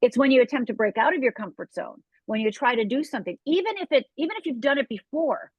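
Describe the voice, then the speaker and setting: A woman's voice: sits high, lively intonation, fast talker, breathy edge, no room sound. A woman coach in an interview, talking emphatically and acting out anxious inner voices, often asking "right?". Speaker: fear coach guest. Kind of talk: interview conversation. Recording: dull lo-fi call audio.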